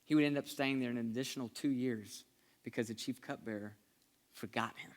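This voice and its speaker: A pastor preaching a sermon in a conversational, earnest way, shifting between lively and hushed delivery. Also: male voice, medium pitch, a little fast.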